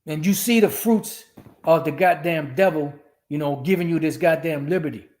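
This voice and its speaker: Brief: man streaming a profane, rambling religious rant, fairly high-pitched voice. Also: moderate pace, darkish tone. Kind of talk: ranting religious commentary.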